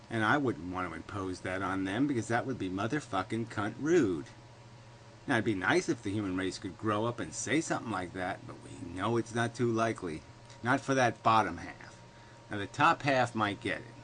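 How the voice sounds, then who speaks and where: A man's voice: lowish voice, expressive, normal speed, fairly bright tone, a little hiss or hum. A man video blogger delivering a solo monologue, firing sarcastic rhetorical questions and swearing freely.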